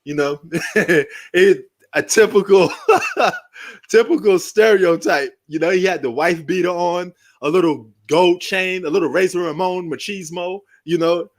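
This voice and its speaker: A man riffs casually over a live basketball game. His voice sits a little high, and he rambles from story to joke, laughing often as he goes. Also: a little slow. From New York. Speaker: sports live-stream host.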